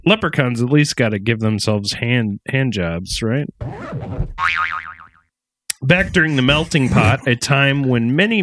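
A man's voice: medium pitch, dry recording. A man hosting a comedy podcast, rambling and giggly, poking fun at himself as he tells folklore. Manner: rambling, giggly, self-deprecating. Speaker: podcast host. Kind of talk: casual comedic podcast chat.

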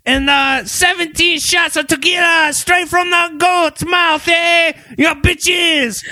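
A man voicing a crude, drunken, manic male chupacabra in an improvised comedy bit, yelling in a high, shrieking voice. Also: steady tone, takes it slowly, dry recording, studio quality, full character voice. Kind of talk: improvised comedy role-play.

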